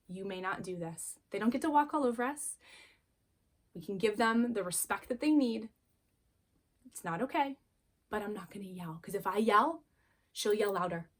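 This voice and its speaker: A woman's voice: on the high side, a bit bright. A middle-aged woman teaching a parenting lesson in an earnest, encouraging, chatty way, acting out little quotes to her kids. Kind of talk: talking-head parenting lesson.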